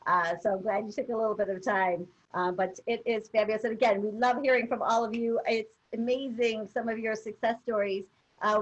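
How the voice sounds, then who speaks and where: A woman's voice: on the high side, muffled recording. A woman co-hosting a motivational webinar, telling a personal story in a chatty way with many fillers. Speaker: webinar co-host. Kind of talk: casual motivational chat.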